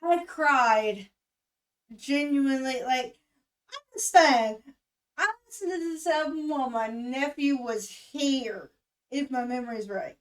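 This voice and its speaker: Young woman with a high voice talking slow, kinda emotional and cursing, a bit off-mic. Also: expressive, far from the mic, low-quality recording. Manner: candid, emotional, swears freely, halting with fillers. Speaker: music reaction vlogger. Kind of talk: casual chat.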